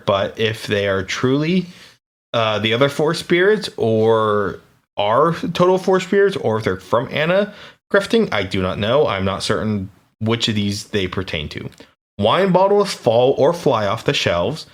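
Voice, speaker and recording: An American man co-hosting a podcast, recounting ghost reports in a laid-back, jokey way with hesitant restarts. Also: on the low side. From United States. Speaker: podcast co-host. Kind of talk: casual chat, reading paranormal research.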